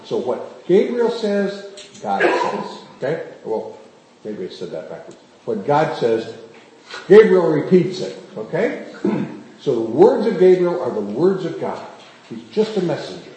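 A pastor delivers a sermon in a medium-pitched voice at a measured pace, animatedly telling stories and frequently posing questions to the congregation. The room is very echoey, with faint background noise.

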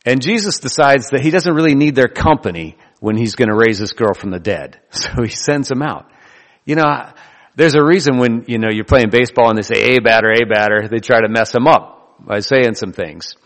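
A man's voice: mid-range voice, moderate pace, fairly bright tone, big-room sound. A man preaching a sermon in a loose, conversational way, joking and laughing between his points. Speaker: pastor.

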